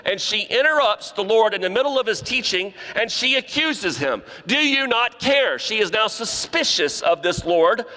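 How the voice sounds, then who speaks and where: A pastor delivering an animated sermon in a church, acting out the voices he quotes. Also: high voice, normal speed, few pauses. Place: church sanctuary. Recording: long reverb of a large hall.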